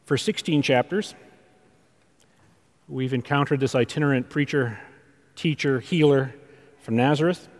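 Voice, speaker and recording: A man preaching a conversational sermon, full of rhetorical questions and pauses, in a church sanctuary. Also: mid-range voice. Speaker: pastor. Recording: long reverb of a large hall.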